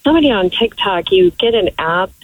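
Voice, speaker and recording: Lady caller on a tinny phone line, a bit husky, chatty and easygoing. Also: mid-range voice, lively intonation, a little fast, no room sound. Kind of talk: casual phone call to radio show.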